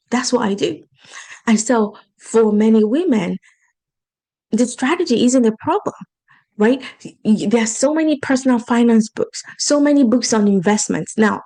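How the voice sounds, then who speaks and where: A woman's voice: medium pitch, darkish tone. A woman with an accent hosting a solo podcast, talking earnestly and encouragingly straight to her listeners. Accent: non-native English accent. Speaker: podcast host and life coach.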